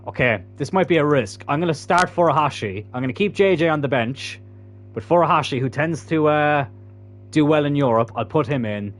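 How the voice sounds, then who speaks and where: A gaming YouTuber chats casually while playing a football video game, swearing freely and bursting into loud laughter. His voice is on the high side, animated, and fairly quick.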